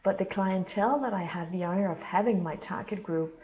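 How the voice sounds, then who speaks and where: A woman speaking in a casual monologue as a self-described healer, earnest and halting, often pausing to search for words. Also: on the low side. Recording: slightly dull lo-fi recording.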